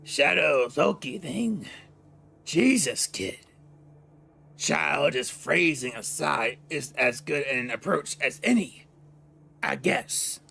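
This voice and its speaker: A man voicing a gruff, gravelly old male vampire detective in a game, curt and grumbling. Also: on the high side, expressive, takes it slowly, pushed and bright, a little hiss or hum, heavily acted.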